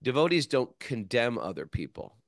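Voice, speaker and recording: A man co-hosting a casual devotional talk, explaining at length and teasing his co-hosts in a relaxed way. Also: mid-range voice, normal speed, dry recording, studio quality. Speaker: podcast co-host.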